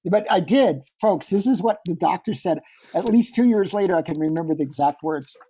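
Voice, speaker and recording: Husky-voiced man telling a story. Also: sits high, fairly quick. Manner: animated, acts out quoted dialogue. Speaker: podcast guest. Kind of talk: conversational storytelling.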